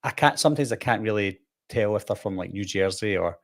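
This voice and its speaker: A man's voice: on the low side, a little fast. A man hosting a podcast in casual chat, talking in a chatty way and reading out viewer comments. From United Kingdom.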